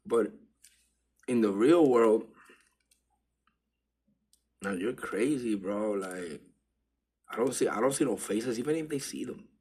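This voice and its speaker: A man casually telling a personal story in loose street slang, dropping to a hush and then rising with excitement. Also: lowish voice, slow, long pauses, breathy edge. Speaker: vlogger. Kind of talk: casual spiritual storytelling monologue.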